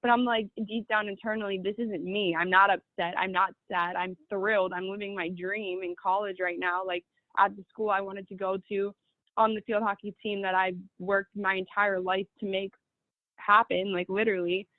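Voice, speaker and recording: A woman's voice: medium pitch, little pitch movement, moderate pace, no room sound. Chatty young woman on phone line. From Los Angeles, California. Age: 20s. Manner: chatty, fills speech with "like". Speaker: guest. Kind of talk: casual personal storytelling. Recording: tinny, dry phone-like line.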